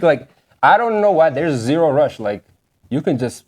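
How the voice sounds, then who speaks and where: A young man with a fairly high voice talks at a moderate pace as a podcast co-host. His casual chat is animated and rambling, stuffed with "like."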